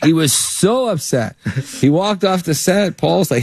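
A man, an actor, telling stories from a film set in a casual chat, animated and laughing as he goes. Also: high voice, normal speed, vocal fry, husky. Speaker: actor guest.

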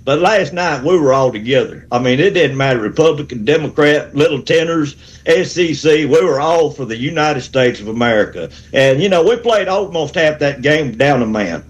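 A man, calling a sports radio show with a rambling, fired-up pep talk. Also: mid-range voice. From Alabama. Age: 60s. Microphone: phone call.

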